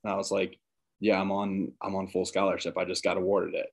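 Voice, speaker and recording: Brief: deep, gravelly male podcast guest, storytelling, flat delivery. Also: fairly quick. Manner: acts out his parents' lines while telling the story. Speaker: podcast guest, former college football player. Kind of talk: casual storytelling.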